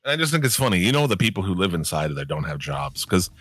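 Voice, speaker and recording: A man co-hosting a casual chat podcast, telling animated stories full of profanity. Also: sits low, fast.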